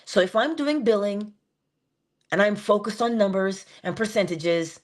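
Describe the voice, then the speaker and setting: A woman talks about meditation in a relaxed, conversational way. She tosses in playful asides and stretches out key words slowly for emphasis. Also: mid-range voice. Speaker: inspirational speaker. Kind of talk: spiritual talk on meditation.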